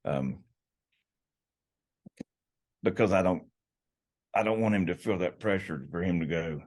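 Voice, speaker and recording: A man's voice: extremely low pitch, moderate pace, long pauses, darkish tone. A middle-aged man, a podcast guest, telling hunting stories in a rambling, folksy way with many restarts. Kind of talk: casual storytelling. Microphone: podcast microphone.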